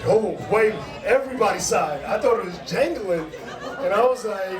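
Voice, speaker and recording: Brash high-voiced man hosting a comedy club. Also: animated, moderate pace, recorded from a distance. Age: middle-aged. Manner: brash, profane, teasing the audience. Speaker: comedy show host. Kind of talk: stand-up crowd work. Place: large comedy club, live audience. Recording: echoey club room, crowd noise.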